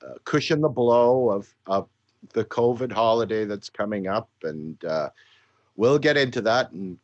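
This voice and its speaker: A man's voice: fairly low pitch, animated, a little slow, dry recording, dull audio. A tired Canadian man hosting a casual show, grumpy and dry, swearing now and then. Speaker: podcast host. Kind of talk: casual chat.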